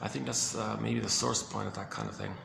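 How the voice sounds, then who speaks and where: A man giving a casual, halting explanation on psychology, often searching for words and repeating himself. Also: on the low side, steady tone, vocal fry, a bit bright, a little hiss or hum. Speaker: speaker on psychology. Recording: echoey room with faint ambience.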